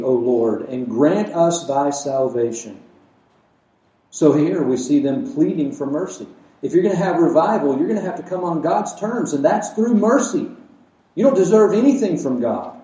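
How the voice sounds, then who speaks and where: A man delivering a sermon in a reverberant sanctuary, heard from a little way off the microphone. His voice is dark and mellow, sitting slightly high for a man. He preaches emphatically, firing rhetorical questions and swinging from loud declarations to hushed asides. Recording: echoey room, mic at a distance.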